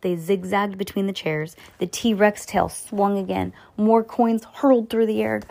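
A woman reading a children's chapter book aloud, stumbling and rereading as she goes, giving the characters lively voices. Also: mid-range voice, measured pace, gravelly. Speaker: reader.

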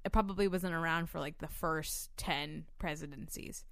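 Young woman co-host, casual and rambly, a smooth clear voice and a dry close sound. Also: deep voice, fairly even intonation, normal speed, fairly bright tone, dry recording. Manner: rambling, swears freely, laughs often. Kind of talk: casual chat.

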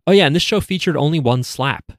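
A man's voice: a little high, quick pace, no room sound, studio quality. A man co-hosting a podcast, chatting casually with blunt, wry remarks. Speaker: podcast co-host. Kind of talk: casual chat recapping an anime.

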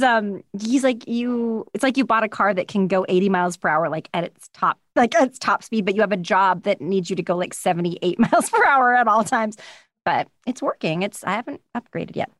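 A woman chatting as a guest in an interview, recorded from her home studio, telling animated stories and acting out the voices of the people she quotes. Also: medium pitch, normal speed, dry recording. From United States. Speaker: guest voice actor. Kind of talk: casual interview chat. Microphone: studio microphone.

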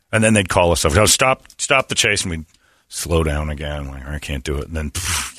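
Deep-voiced man telling a story. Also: fairly quick, dry recording, studio quality. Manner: animated storyteller acting out quotes. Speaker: radio host. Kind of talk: casual talk radio storytelling.

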